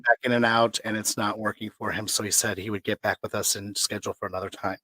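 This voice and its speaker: A man co-hosting a casual talk show, chatty and excitable, often jumping up in pitch. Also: fast talker, dry recording. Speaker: co-host.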